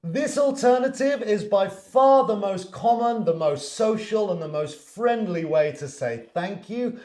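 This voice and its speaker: A man's voice: high voice, a little mellow. A man giving a lesson, explaining words and acting out example sentences. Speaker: English teacher. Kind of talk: online language lesson. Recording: echoey room.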